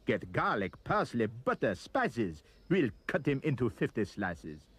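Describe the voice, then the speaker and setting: A greedy French-accented mob from a storybook, shouting and gloating over their meal, as a man acts them out. The shouts are slow, husky and swing widely in pitch. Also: huge pitch swings, full character voice.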